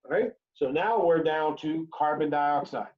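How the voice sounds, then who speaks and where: A man's voice: a little high, measured pace. Male chemistry teacher, repeating key points. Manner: repeats key phrases, checks in with "right?". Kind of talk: recorded online lecture. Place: home or classroom during remote teaching. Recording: dull lo-fi lecture recording.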